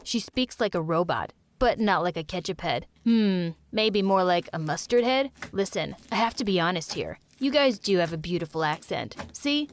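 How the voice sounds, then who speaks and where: A woman's voice: lowish voice, expressive, normal speed, few pauses, a little hiss or hum, voice pushed down. A woman voicing a cocky rich teenage boy who bullies and teases a classmate with a sneering manner. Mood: mocking. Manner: teasing, sneering.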